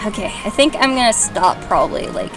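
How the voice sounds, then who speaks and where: A young woman hosts a comedic dramatic reading of fanfiction, reading the story aloud and mocking it with sarcastic, swearing asides. Her medium-pitched voice is expressive and a little fast. The mic is distant, with music playing behind.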